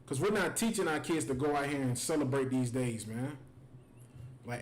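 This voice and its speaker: A man's voice: mid-range voice, normal speed, rough recording. A man from the United States giving an angry, conversational scripture breakdown on a livestream, filling his talk with "man". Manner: heated, conversational preaching with frequent "man". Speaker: scripture teacher.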